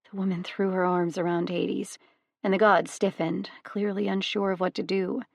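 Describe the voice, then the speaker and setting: A woman narrating an audiobook with measured, even storytelling. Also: mid-range voice, gravelly, no echo, studio quality. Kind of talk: scripted narration.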